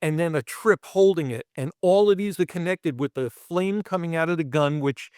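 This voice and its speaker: A middle-aged man from Brooklyn with a Brooklyn accent, a special effects artist telling stories as a podcast guest in a profane, animated way and acting out sound effects. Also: fairly high pitch, normal speed, clear, resonant tone, no echo, clean studio sound. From Brooklyn, New York. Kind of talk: casual storytelling.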